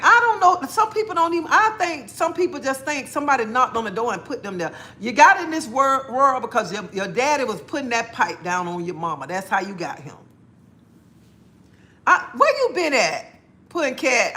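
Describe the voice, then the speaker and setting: Lady going off on her livestream, high bright voice, blunt and laughy. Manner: blunt, chatty, laughs often. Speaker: livestream host. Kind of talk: casual livestream chat.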